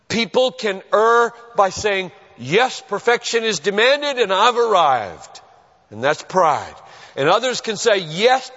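A male pastor delivers a sermon in a high, animated voice that swoops up and down, earnest and emphatic with long pauses. The recording is dull and muffled, with the long reverb of a church sanctuary.

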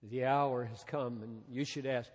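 A man preaching a sermon as a pastor, with dramatic pauses, dropping soft and then rising again. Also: medium pitch, fairly even intonation. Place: large church hall. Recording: reverberant hall.

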